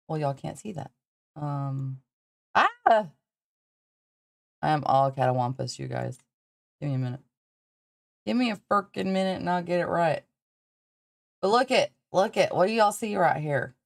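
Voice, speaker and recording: A woman's voice: low-pitched, animated, normal speed, creaky, long pauses, no echo, studio quality. A woman with a Southern accent hosting a podcast livestream, rambling casually, swearing freely and laughing often. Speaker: podcast host.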